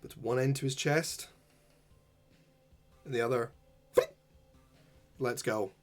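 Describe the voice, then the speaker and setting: A man narrating a tabletop role-playing game as game master, describing scenes slowly and deliberately. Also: mid-range voice, faint music behind.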